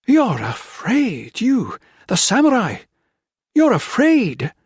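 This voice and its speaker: A man's voice: high voice, expressive, takes it slowly, darkish tone, slightly rough, no room sound, studio quality, voice pushed up, heavily acted. A man reading an audiobook, voicing a distraught British woman who pleads desperately with her Japanese husband. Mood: desperate, tearful. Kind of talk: audiobook character voice.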